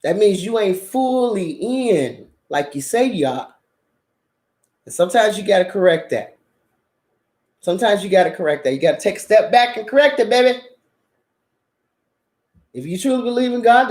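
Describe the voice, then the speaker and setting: A woman's voice: mid-range voice, moderate pace, pauses often, echoey room. A woman hosting her channel, telling stories in a casual monologue, swearing freely and laughing often. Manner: profane, animated storytelling with frequent laughter. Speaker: channel host.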